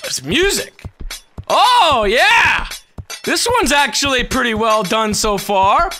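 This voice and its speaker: A man giving let's-play commentary, excitable, yelling, swearing and laughing as he plays. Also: very high-pitched, slow. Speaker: gaming YouTuber. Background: game music.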